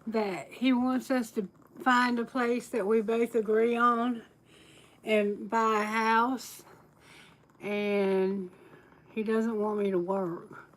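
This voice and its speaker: A woman's voice: a little high, fairly even intonation, slow pace, poor audio. A woman tarot reader chatting candidly on a live stream, telling personal stories and laughing often. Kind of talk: casual live-stream chat.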